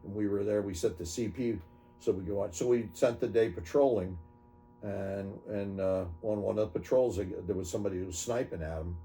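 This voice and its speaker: A man in his seventies, an army veteran, recounting his memories in an oral history interview, halting and correcting himself as he goes. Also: on the low side, warm tone, soft background music. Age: 70s. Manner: halting, self-correcting storytelling.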